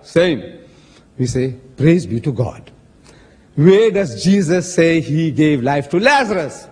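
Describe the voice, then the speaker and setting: A man's voice: fairly high pitch, sing-song, slow, a little mellow, husky. A man arguing in a public religious debate, emphatic and pointed, quoting scripture with dramatic stress and addressing his opponent as sir. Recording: echoey hall with long reverb.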